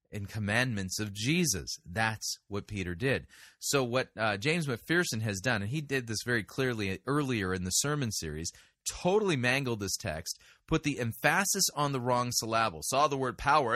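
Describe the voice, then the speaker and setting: A man's voice: mid-range voice, sharp tone, no room sound, clean studio sound. A man hosting a show of sermon reviews, talking in a firm, corrective, argumentative way. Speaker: podcast host reviewing sermons. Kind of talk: critical commentary.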